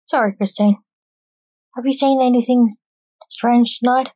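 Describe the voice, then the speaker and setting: A woman's voice: a little high, steady tone, a little slow, warm tone, no echo, dull audio, voice pushed up. A woman reading the lines of a stern male agent and father in a story, close to her own voice.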